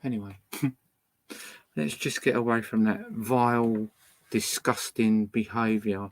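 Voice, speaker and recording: A man's voice: fairly low pitch, steady tone, slow pace, poor audio. A man hosting a casual livestream from a boat, ranting angrily and swearing at viewers between records. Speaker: livestream host playing records. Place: indoors on a boat.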